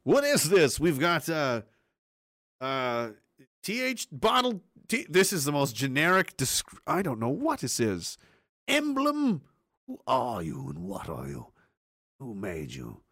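A man rambles through a profane livestream rant, his bright voice leaping up and down with sudden shouted outbursts. He sits a bit above the usual pitch, and the sound is close and dry. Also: no echo. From partly Nova Scotia, Canada. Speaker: livestream host.

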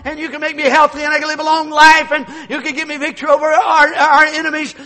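A man's voice: very high voice, level tone, fast talker, pushed and bright, voice pushed up. A man, voicing an earnest young king pleading in prayer within a sermon.

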